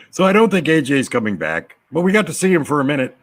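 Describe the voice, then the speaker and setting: Husky-voiced man chatting casually. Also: on the high side, no room sound. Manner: joking, easygoing banter. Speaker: host. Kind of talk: casual chat.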